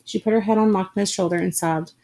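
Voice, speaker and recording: A woman reading a story aloud in a steady, measured narration. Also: medium pitch, gravelly. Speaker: audiobook narrator.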